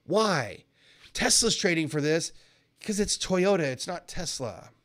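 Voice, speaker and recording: A man teaching a trading seminar in an animated way, laughing often and acting out traders' reactions. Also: a little high, unhurried. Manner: animated, acts out traders' reactions in quoted voices; laughs often while explaining. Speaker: trading educator.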